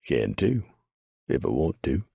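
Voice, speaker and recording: A rough old mountain man talks in an easy folksy drawl with dry humor, as a male narrator puts him on. His voice is deep and gravelly with a husky edge. The sound is dry and close. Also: sing-song, a little slow, dark tone, dry recording, full character voice. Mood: wry folksy.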